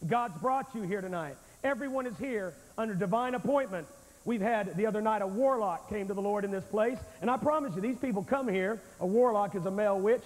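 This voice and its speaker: A preacher with a high, ringing man's voice delivers a revival sermon in a packed church sanctuary. He is folksy and emphatic, talking straight to the congregation. His words echo through a big, reverberant hall on an old videotape recording. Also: fairly quick. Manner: folksy, emphatic, addresses the crowd directly. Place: large church sanctuary with thousands present.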